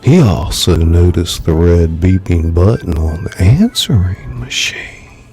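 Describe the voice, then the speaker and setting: A man, an author, reading his own thriller novel aloud in measured, dramatic storytelling. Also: low voice, expressive, warm tone, soft background music. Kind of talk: live audiobook narration.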